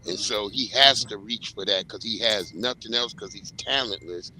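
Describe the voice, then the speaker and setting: Blunt, bright-voiced man in a heated chat. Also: fairly low pitch, normal speed, slight background noise, rough recording. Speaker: panelist. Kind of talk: casual panel discussion.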